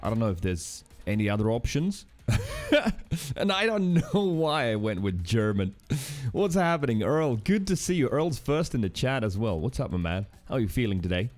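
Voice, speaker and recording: A man's voice: lowish voice, a little mellow. A man streaming from home, chatting casually with viewers and reading chat aloud with teasing banter.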